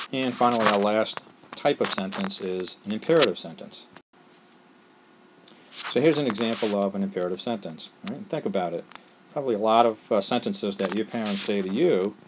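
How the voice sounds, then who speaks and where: A patient teacher whose low voice moves through the explanation one step at a time. He keeps checking that his students follow along. A faint hiss of noise sits under the recording. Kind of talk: classroom lesson screencast.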